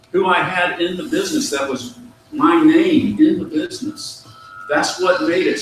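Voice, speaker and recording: A man's voice: fairly high pitch, fairly bright tone, slight background noise. A man in his fifties giving a motivational business talk to a live audience, telling stories and acting out bits of dialogue. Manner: storytelling, acts out dialogue, has audience repeat phrases. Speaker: business speaker. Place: meeting room with an audience. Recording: echoey room, mic at a distance.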